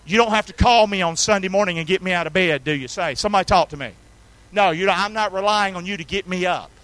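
A male pastor from North Carolina, preaching a sermon with enthusiasm, calling on the congregation to respond and swinging between loud and quiet passages. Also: high voice, fast talker, no echo, rough recording.

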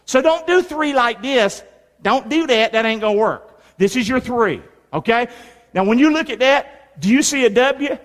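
A man's voice: extremely high pitch, very animated, moderate pace, fairly bright tone. A middle-aged male pastor preaching a sermon, leading the crowd in call-and-response and hand signs. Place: church sanctuary. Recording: long reverb in a large hall.

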